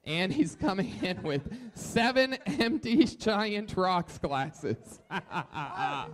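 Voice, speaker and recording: A man hosting a live comedy podcast, shouting big intros and then dropping to quiet banter. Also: sits high, sing-song, extremely slow. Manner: hyped announcer intros that swing to quiet banter. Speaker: host.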